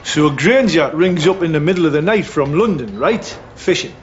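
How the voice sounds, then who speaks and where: A man's voice: on the high side, animated, normal speed, lo-fi sound, a little hiss or hum, natural voice. An actor playing a brash, pushy working-class man with a Geordie accent, scheming and talking his mates round. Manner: pushy, wheedling. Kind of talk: TV drama acting.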